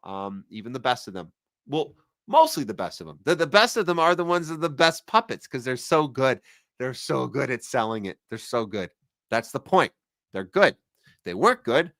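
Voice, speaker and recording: Podcast host guy, punchy clear voice, sarcastic rambly chat, dry close sound. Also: mid-range voice, fairly bright tone, no room sound. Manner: sarcastic, chatty commentary. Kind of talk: casual live-stream chat reading viewer comments.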